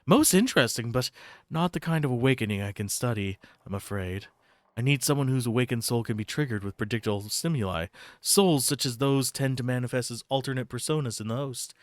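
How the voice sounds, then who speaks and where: A man's voice: on the low side, lively intonation, rapid-fire, gravelly, few pauses, no room sound, pitched below the performer's own voice. A man voicing an earnest woman scholar who studies souls, in formal speech with a wavering put-on foreign accent. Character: fussy woman scholar of soul science, earnest. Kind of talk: reading game dialogue aloud.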